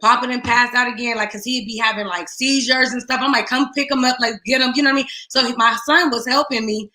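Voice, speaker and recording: Bright-voiced woman telling a painful story. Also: a little high, fairly even intonation, quick pace, echoey room. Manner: raw, tearful retelling with rising outbursts and hushed moments. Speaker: guest speaker. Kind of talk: emotional personal testimony.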